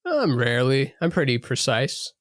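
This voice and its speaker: A man's voice: medium pitch, big pitch swings, moderate pace, no room sound. A man co-hosting a casual podcast, answering with dry, wry humor. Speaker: podcast co-host.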